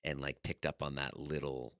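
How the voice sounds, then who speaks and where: A man hosting a podcast in casual chat, reacting with quick jokes and affirmations. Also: a bass voice, flat delivery, fairly bright tone, no room sound, clean studio sound. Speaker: podcast host.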